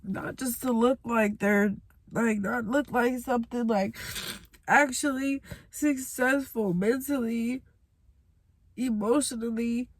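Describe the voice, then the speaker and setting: A young woman giving a candid personal confession, halting and emotional, with sighs and blunt swearing. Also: fairly high pitch, fairly even intonation, dry recording. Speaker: vlogger sharing a personal testimony.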